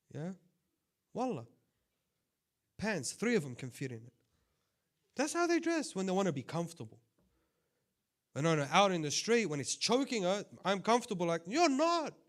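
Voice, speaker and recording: A man who is a sheikh giving a conversational sermon, swinging between loud impassioned appeals and quiet asides. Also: a little high. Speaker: sheikh giving a religious talk.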